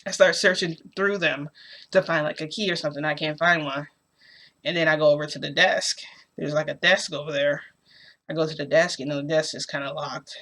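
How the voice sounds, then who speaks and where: A woman's voice: low voice, fairly even intonation, brisk, fairly bright tone. A young woman vlogger telling a story casually, rambling with lots of filler words.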